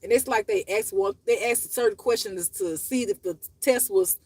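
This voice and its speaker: A woman's voice: fairly high pitch, normal speed, darkish tone, breathy edge, no echo. Blunt, profane woman confiding to viewers. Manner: blunt, profane and emotional, talking in bursts; raw and confessional, voice rising and dropping. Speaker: channel host. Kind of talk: unscripted personal monologue to viewers.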